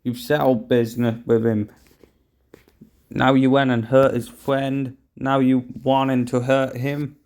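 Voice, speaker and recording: Man, slow-spoken, mid-pitched, indignant wrestling play-by-play, swears, talks to viewers. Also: level tone, a little mellow, clean tone. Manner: outraged, swearing, addressing viewers as guys. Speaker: commentator. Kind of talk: play-by-play wrestling game commentary.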